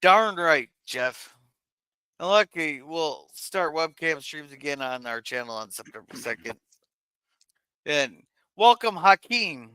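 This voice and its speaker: A man's voice: on the high side, lively intonation, bright, forceful tone, clean tone, no room sound. Chatty man reading stream chat aloud. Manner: reads viewer messages aloud, chatty and halting. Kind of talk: casual livestream chat.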